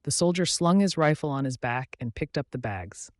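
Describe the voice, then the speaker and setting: A man reading a novel aloud in the first person, with measured, clear narration. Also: fairly high pitch, expressive, no room sound. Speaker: audiobook narrator.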